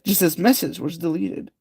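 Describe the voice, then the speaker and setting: Slow, gravelly-voiced giggly streamer. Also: medium pitch, mellow, no echo, clean studio sound. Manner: rambling and giggly, chatting with viewers. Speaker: livestream host. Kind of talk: casual live chat while doing a jigsaw puzzle.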